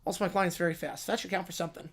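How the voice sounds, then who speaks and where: A clueless male defense lawyer, voiced by a man who pleads his case cheerfully and never notices he is losing. The voice is high and bright. It is a comic courtroom skit. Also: steady tone, rapid-fire, creaky, breathy edge, heavily acted. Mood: pleading.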